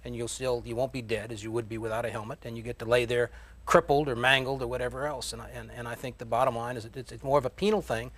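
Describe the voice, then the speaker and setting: Brief: male panelist, mid-pitched, forceful and plain-spoken. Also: steady tone, fast talker. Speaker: panel guest. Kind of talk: panel talk show debate.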